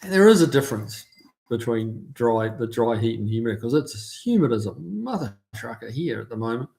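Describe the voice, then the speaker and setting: A man's voice: mid-range voice, big pitch swings, fairly quick, vocal fry, darkish tone. Chatty New man hosting a livestream. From New Zealand. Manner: chatty, friendly, lots of fillers. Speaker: livestream host. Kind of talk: casual live chat reading viewer comments.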